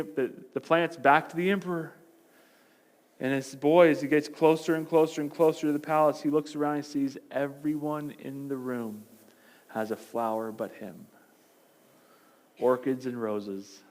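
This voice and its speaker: Pastor guy preaching, storytelling, goes soft and quiet for emphasis. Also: mid-range voice. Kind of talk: sermon.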